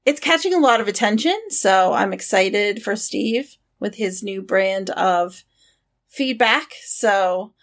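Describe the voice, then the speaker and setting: A woman co-hosting a movie podcast, reassuring and chatty, talking in quick bursts. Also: mid-range voice, lively intonation. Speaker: podcast co-host. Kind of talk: casual chat.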